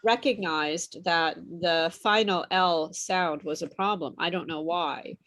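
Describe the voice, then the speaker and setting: A woman leads a small online pronunciation class at a slow, careful pace. She models each word, repeats it, and explains patiently. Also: fairly low pitch, fairly bright tone. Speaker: English pronunciation tutor. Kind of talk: online group lesson.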